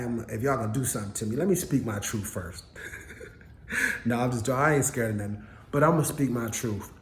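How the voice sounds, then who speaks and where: A man's voice: a little high, reverberant. A man ranting blunt and profane to camera in a personal vlog. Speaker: vlogger.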